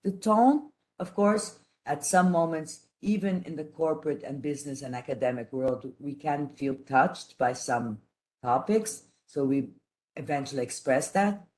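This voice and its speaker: A woman giving a teaching lecture, speaking in a careful, halting way with frequent restarts and pauses. She grew up speaking three languages at once. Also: low voice, a little mellow. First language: none, raised trilingual. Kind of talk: online lecture.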